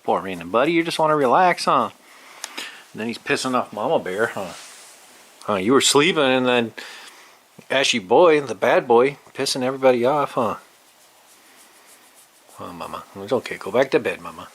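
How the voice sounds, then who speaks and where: A man at home talking to his cats, coaxing and teasing them in a soft, affectionate murmur that sometimes drops to a whisper. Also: mid-range voice, animated, normal speed, pauses often, slight background noise. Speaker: cat owner filming his pets. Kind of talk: casual talk to pets. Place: indoors at home.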